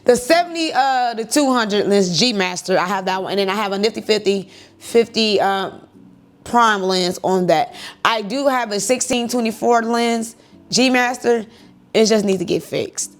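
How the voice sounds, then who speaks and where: Chatty animated woman photographer. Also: fairly high pitch, normal speed. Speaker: church and wedding photographer. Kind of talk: casual talk to camera.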